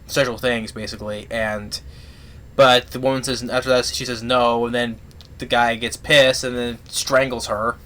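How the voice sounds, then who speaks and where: A man with a mid-range, fairly bright voice gives a casual spoken movie review. He retells the plot in a rambling, halting way full of restarts.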